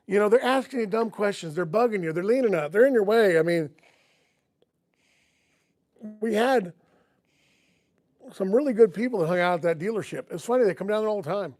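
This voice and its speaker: A man's voice: sits high, lively intonation, brisk, a little mellow. A middle-aged man, hosting a casual garage livestream, chatting with viewers and telling stories with chuckles. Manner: folksy storytelling with chuckles.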